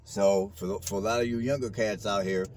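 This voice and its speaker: A man's voice: lowish voice, steady tone, a little fast, a little mellow. A man vlogging from his car, giving preachy advice in casual slang and repeating his points. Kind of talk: casual talk while driving. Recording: car noise behind.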